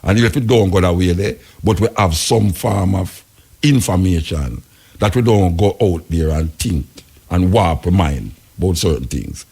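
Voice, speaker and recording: A man's voice: sits low, measured pace, gravelly, breathy edge. A man with a Jamaican accent hosting a radio talk show, rambling in patois about the news. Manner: rambling, patois-heavy, animated storytelling. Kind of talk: casual on-air commentary.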